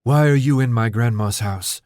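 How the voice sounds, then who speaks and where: A man's voice: mid-range voice, moderate pace, a little mellow, no room sound, studio quality, close to an everyday voice. A man voicing an anxious, protective young mother. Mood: demanding.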